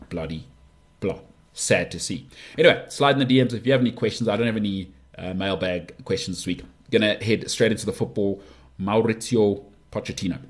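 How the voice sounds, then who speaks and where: A man hosting his own podcast, talking sport in a casual, opinionated, rambling monologue with big jumps in pitch. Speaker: podcast host.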